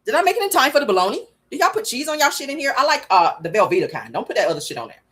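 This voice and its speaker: A woman's voice: high voice, very animated, rapid-fire, fairly bright tone. Woman putting on a giddy airheaded jailbird lady. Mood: chatty. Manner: cheerful, clueless, chatty. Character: giddy woman excited to be in jail.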